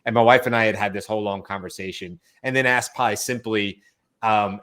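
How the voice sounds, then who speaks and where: Animated man hosting a podcast. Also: fairly low pitch, fairly quick. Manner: animated storyteller, acts out quotes. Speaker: podcast host. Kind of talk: casual panel chat.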